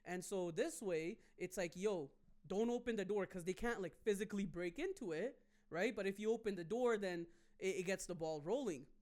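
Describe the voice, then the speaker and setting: A man's voice: sits high, moderate pace. Rambling man telling a comic story. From Canada. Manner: rambling, animated, with many fillers. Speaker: stand-up comedian and podcast host. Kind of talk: casual comedic storytelling.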